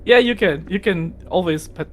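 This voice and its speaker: A woman's voice: on the low side, moderate pace, a little hiss or hum. A woman player in a tabletop game, blunt and defiant, swearing at a demon. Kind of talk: playing a tabletop game in character.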